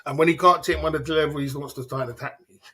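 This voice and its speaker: A man's voice: on the high side, steady tone, fast talker, bright, forceful tone, husky. A man hosting a casual livestream chat, rambling and defiant, often laughing and asking "you know what I mean". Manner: defiant, boastful. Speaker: livestream host.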